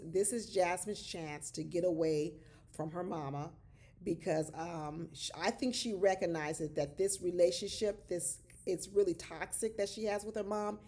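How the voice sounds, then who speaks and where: A woman giving casual, animated commentary on a reality show, exclaiming and talking straight to her viewers as y'all. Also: fairly low pitch.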